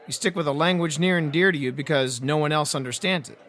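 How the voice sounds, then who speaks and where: A man's voice: a little high, fast, a bit bright. A man narrating a first-person hard-boiled detective audiobook, with a wry storytelling delivery.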